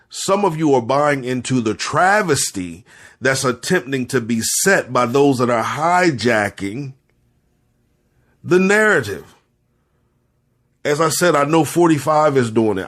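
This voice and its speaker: Earnest preacherly man, mid-pitched. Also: animated, measured pace, fairly bright tone. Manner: earnest, preacherly, repeats phrases for emphasis. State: holding back tears. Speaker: podcast host and spiritual leader. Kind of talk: impassioned spoken commentary.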